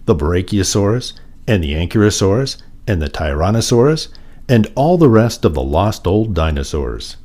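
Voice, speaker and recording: Male storyteller, low voice that swings widely, sing-song picture book reading. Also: very animated, moderate pace, dark tone. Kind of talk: children's picture book read-aloud.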